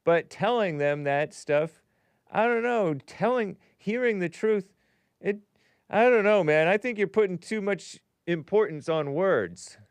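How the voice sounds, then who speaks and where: A man's voice: sits high, lively intonation, unhurried, clear, resonant tone, no room sound. A man hosting a call-in talk show, musing aloud in a wry way and often trailing off.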